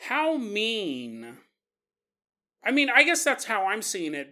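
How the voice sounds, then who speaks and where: A man hosting a podcast, telling a story in a casual, animated way, laughing often and acting out quotes. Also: sits high, takes it slowly, long pauses. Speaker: podcast host.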